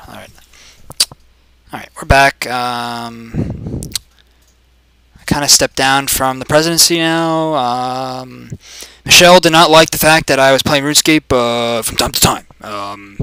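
A man in his twenties giving crude, profane commentary over his gameplay, yelling greetings at other players. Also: fairly high pitch, moderate pace, smooth, no echo. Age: 20s.

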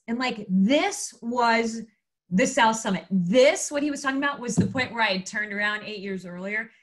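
A woman speaking as an interview guest, telling a story in a casual, animated way, acting out quotes and using lots of fillers. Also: on the high side, a little fast.

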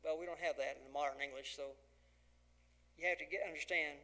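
A man's voice: on the high side, fairly even intonation, fairly quick, bright, forceful tone. A man preaching a folksy, dramatic sermon as pastor, acting out the dialogue of the scripture.

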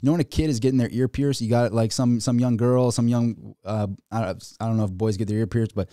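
A man hosting a casual livestream and ranting about the markets, excitable and rambling, with many restarts. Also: mid-range voice, a little fast, no room sound, clean studio sound. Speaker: finance YouTuber.

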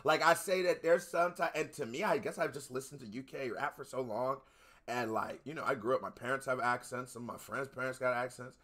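An American man in casual commentary as a reaction video host, animated and loose with swearing. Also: mid-range voice, fairly quick. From United States. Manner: animated, swearing, talks over the track.

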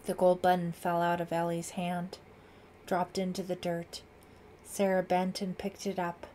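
Low-voiced woman narrating an audiobook. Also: monotone, warm tone, a little hiss or hum. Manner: measured dramatic reading.

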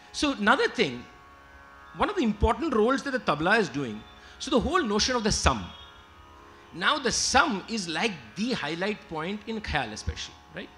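In a lecture hall with live musicians, a man delivers an emphatic lecture-demonstration on music, pausing to sing short examples. His voice sits high and sounds pushed and bright as he moves between lecturing and singing.

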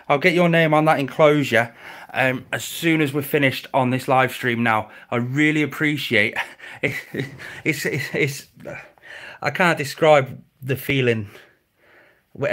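A man chatting casually on a live stream from home beside his reptile enclosures, thanking viewers and cooing at his pets. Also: a bit bright. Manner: chatty and grateful, slips into a high baby voice for his pets.

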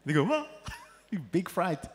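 A man preaching an Easter sermon as pastor, telling the story in an animated way and playing out the voices of the people in it. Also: a little high, moderate pace, big-room sound. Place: church hall.

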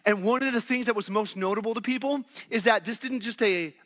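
A male pastor preaches with a high, bright, ringing voice. He talks loosely and conversationally, calls on the congregation to repeat words back, and whoops with excitement. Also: brisk. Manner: energetic, conversational, call-and-response with the congregation; exclamations and laughs mid-sermon. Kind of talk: sermon.

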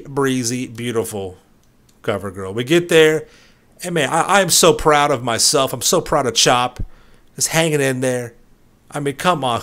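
A man's voice: medium pitch, a bit bright. Young man, gaming commentary, mock-dramatic, slangy, playful voice-over. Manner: hammy, mock-dramatic storytelling; streetwise slang. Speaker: gaming YouTuber.

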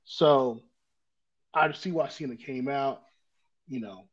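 A man's voice: mid-range voice, slow, lo-fi sound. A man co-hosting a casual wrestling chat, building his points step by step as he explains.

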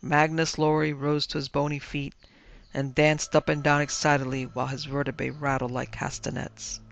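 A man narrating a comic horror story in an even, measured storytelling manner. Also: a little high, gravelly. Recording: dull lo-fi with faint music.

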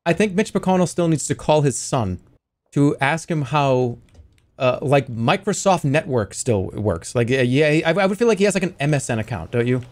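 This gamer has a slightly high, somewhat mellow voice, animated but at normal speed. His livestream chat is loose and rambling, full of jokes and the occasional goofy voice.

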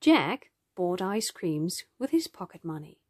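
A woman narrating a children's storybook in a gentle, expressive way. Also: fairly low pitch, unhurried, husky, no echo, studio quality.

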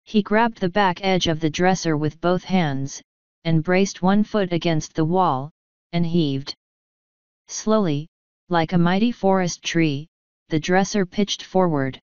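A woman narrating a comic fantasy audiobook in a steady, lightly wry storytelling manner. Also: lowish voice, slow pace, clear, resonant tone, dry recording, muffled recording.

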